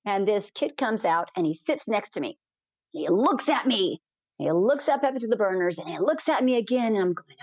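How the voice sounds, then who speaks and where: A woman's voice: medium pitch, moderate pace, dry recording. A woman, a balloon pilot, telling a story as an interview guest and acting out the people in it. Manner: animated, acts out the people in her stories. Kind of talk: storytelling in a conversation.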